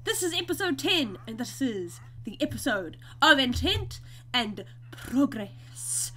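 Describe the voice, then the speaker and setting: Woman gamer, bright voice, lively swings in pitch, dramatic commentary, keyboard typing behind. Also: slow pace, husky. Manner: melodramatic, bursts into squeals and wailing. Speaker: gaming YouTuber. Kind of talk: Minecraft let's play commentary.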